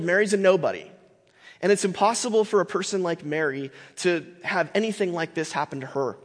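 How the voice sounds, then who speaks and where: High-voiced man teaching a Bible lesson. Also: long reverb tail. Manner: animated, emphatic, frequent fillers and restarts.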